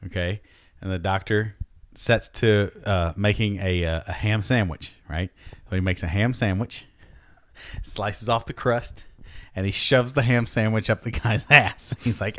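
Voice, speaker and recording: A podcast co-host tells a long joke to friends in a casual chat, taking his time, acting out each character with big pitch jumps and laughing mid-story. His voice is a bit bright, with no room sound.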